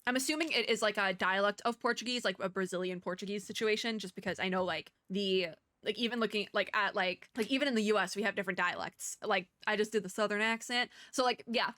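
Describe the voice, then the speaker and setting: Playing and reading through a game's story, a young female streamer keeps up loose, laughing commentary full of fillers. She talks fast in a medium-pitched, bright, forceful voice, and the recording is dry.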